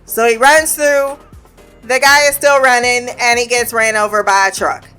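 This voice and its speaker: A woman's voice: fairly high pitch, steady tone, normal speed, sharp tone, smooth, faint music behind. A woman giving a casual recap of a TV episode. She swears freely, acts out the characters' lines, and laughs often as she retells it.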